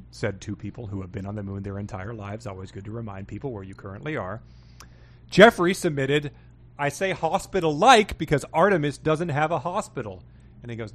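A male podcast host with a middle-pitched, ordinary voice works through listener emails in a loose, casual way. His delivery is wry and amused, full of small fillers and restarts.

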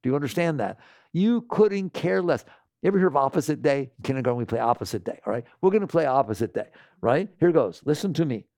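A man with a gravelly voice gives a spiritual talk to an audience. He is animated, laughs often and acts out imagined voices. The sound is dry and close, with no room echo. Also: on the high side, quick pace. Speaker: spiritual teacher.

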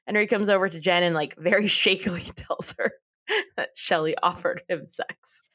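A woman's voice: lowish voice, steady tone, normal speed, fairly bright tone. A woman co-hosting a casual podcast, giggling often as she retells scenes from a TV show. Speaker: podcast co-host. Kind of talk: casual chat recapping a TV show.

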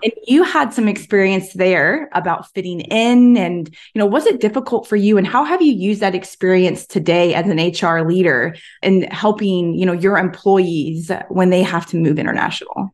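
A woman's voice: lowish voice, lively intonation, moderate pace, few pauses. A woman hosting a podcast asks an interview guest questions in a conversational, encouraging way. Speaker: podcast host.

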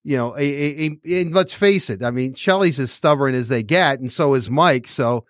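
A man's voice: medium pitch, moderate pace, no echo, studio quality. A man hosting a podcast in casual sports chat, rambling with many restarts and laughing as he talks. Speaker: podcast host.

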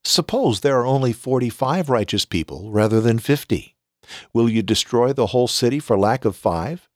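A man's voice: medium pitch, animated, normal speed, no room sound, clean studio sound, natural voice. A man reading the part of an elderly patriarch in scripture, earnest and imploring. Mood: pleading. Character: pleading elderly male patriarch bargaining.

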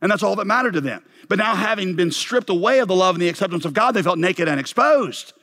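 A man preaching a sermon, swinging from loud rising questions to low, quiet emphasis, with joking asides to the congregation. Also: lively intonation, fast. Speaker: pastor.

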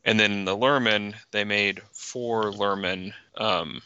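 A man's voice: on the low side, fairly even intonation, takes it slowly, sharp tone, clear, resonant tone, dry recording, lo-fi sound. A man co-hosting a casual podcast chat, explaining production details loosely with plenty of fillers. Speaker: podcast co-host.

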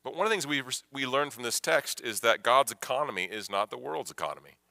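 A man preaching a sermon as pastor, emphatic, repeating phrases and swinging from hushed to loud. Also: medium pitch, animated, quick pace, vocal fry, dry recording, clean studio sound.

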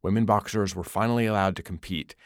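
A man narrating a radio documentary as host, in a measured storytelling delivery. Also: fairly low pitch, no echo, studio quality.

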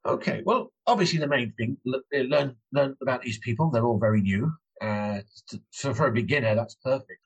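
A man's voice: medium pitch, a little fast, hardly any pauses, husky, muffled recording. A man in his thirties with an English accent, an author chatting in an interview, hesitant with many restarts. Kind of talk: casual interview chat.

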